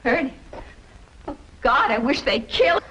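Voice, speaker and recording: An actress playing a frightened wife who pleads urgently, in 1970s TV movie acting. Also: female voice, high-pitched, sing-song, unhurried, pushed and bright, a little hiss or hum, full character voice, rough recording. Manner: fearful and pleading.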